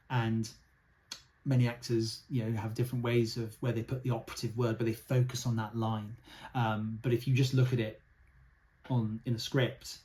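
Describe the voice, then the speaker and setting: A man's voice: mid-range voice, little pitch movement, brisk. A young man, an actor by training, giving a thoughtful casual book review with many ums and uhs. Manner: thoughtful, soft-spoken, many fillers.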